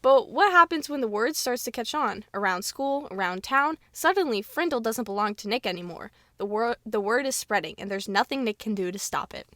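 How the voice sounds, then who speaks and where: A woman's voice: on the high side, animated, a little fast, hardly any pauses, pushed and bright, no echo, studio quality. A woman co-hosting a podcast, reading a children's book aloud with casual banter, giggling and stumbling over words as she goes.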